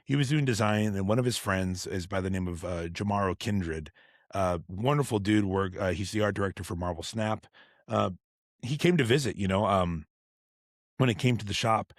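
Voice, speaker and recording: A low-voiced man guesting on a casual podcast, rambling through stories with lots of fillers and swearing. His voice sits close on a dry microphone. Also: moderate pace, dry recording. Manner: rambling, profane storyteller with many fillers. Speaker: podcast guest, tattoo artist.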